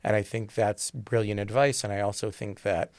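A man's voice: fairly low pitch, steady tone, normal speed, a little mellow, dry recording. A man who teaches improv, talking thoughtfully in an interview, often checking in with "right?". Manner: thoughtful, rambling with fillers and "right?" tags. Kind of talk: conversational interview.

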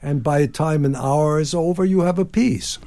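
Ninety-year-old man telling lively stories. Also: fairly high pitch, moderate pace. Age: 90s. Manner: animated anecdotes, sings phrases and acts out quotes. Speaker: composer guest. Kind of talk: storytelling interview.

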